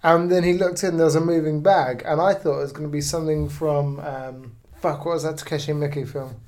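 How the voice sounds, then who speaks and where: A man's voice: on the high side, fairly even intonation, brisk, a little mellow. A man in casual, laughing chat, recounting film scenes and swearing freely.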